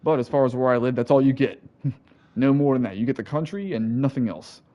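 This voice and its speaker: An American man from the United States does let's-play commentary, rambling, swearing, and correcting himself along the way. His voice is mid-range and fairly quick, and the recording sounds muffled.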